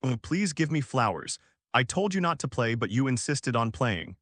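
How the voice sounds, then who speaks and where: A man's voice: medium pitch, sing-song, normal speed, a bit bright, dry recording, clean studio sound. A man voicing an anxious schoolgirl witch who scolds out of worry. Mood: worried.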